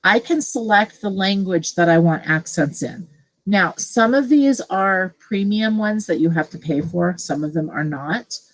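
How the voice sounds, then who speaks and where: A middle-aged woman teacher casually walking colleagues through a software tutorial, thinking aloud as she clicks. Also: medium pitch, animated, a little slow, rough recording. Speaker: teacher leading a tech training session. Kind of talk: screen-share tutorial for colleagues.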